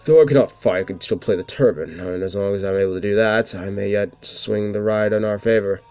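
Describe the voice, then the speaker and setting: A man's voice: lowish voice, fairly quick, a little mellow, smooth, natural voice. A man doing a solemn old musician. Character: old male musician, earnest and solemn ally.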